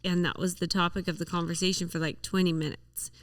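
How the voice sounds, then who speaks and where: A woman's voice: lowish voice, level tone, fast talker, no echo, clean studio sound, far from the mic. A woman co-hosting a podcast, explaining things in a frank, chatty way. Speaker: podcast co-host. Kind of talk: casual chat.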